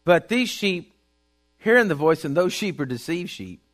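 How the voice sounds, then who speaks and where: A man's voice: fairly high pitch, big pitch swings, normal speed. A man preaching a sermon in an emphatic, folksy way, repeating his points and reading Bible verses aloud.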